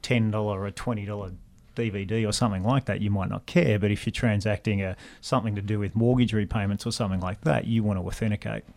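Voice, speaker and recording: A man's voice: on the low side, fairly even intonation, fast talker, creaky, a little mellow. A man explaining speech technology in casual panel chat, enthusiastic and full of fillers. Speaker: guest, speech technology specialist.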